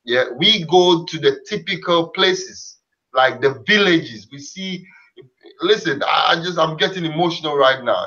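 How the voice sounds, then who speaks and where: A man's voice: on the high side, expressive, measured pace, bright, forceful tone. A middle-aged man from Ghana, a boxer's father and trainer, talking earnestly in a casual interview with many fillers and restarts. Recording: dull lo-fi sound.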